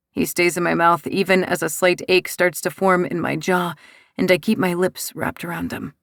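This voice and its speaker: Woman narrating in a soft, gravelly voice. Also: fairly low pitch, no room sound, clean studio sound. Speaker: audiobook narrator. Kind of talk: first-person romance narration.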